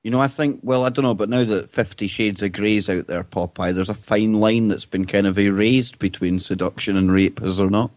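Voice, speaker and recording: A man's voice: on the low side, a little fast, few pauses, darkish tone, no room sound. A man hosting a casual podcast, jokey and teasing. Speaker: host.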